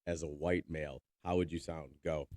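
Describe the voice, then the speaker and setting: A man's voice: extremely low pitch, level tone, moderate pace, a little mellow. Teasing podcast host man. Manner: teasing, prodding questions. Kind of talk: casual podcast chat.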